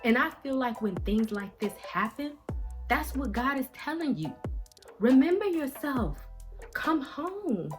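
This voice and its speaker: A woman speaking in a fervent, preachy style, delivering faith-based encouragement straight to the viewer. She swings from hushed to loud and drops casual slang into her advice. Faint music plays softly behind her. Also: high voice, big pitch swings, measured pace. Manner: emphatic and preachy, swinging between soft and loud. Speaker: vlogger giving life advice. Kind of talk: faith-based motivational talk.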